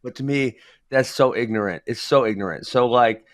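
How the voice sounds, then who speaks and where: A man's voice: mid-range voice, normal speed. A man co-hosting a casual podcast chat who rants emphatically and gets fired up about his points. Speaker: podcast co-host.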